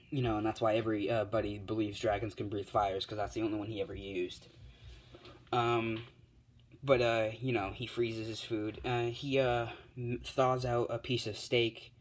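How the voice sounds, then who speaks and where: Young guy making up a fan story as he goes, lowish voice, lots of ums and restarts. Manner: rambling, many fillers and restarts. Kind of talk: improvised fan story narration.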